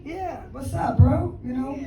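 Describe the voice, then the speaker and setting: A woman guest speaker giving a motivational talk, telling a lively story, acting out conversations and laughing often. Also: sits high, measured pace, recorded from a distance, a loud crowd. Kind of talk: motivational speech. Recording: echoey hall, speaker away from the mic.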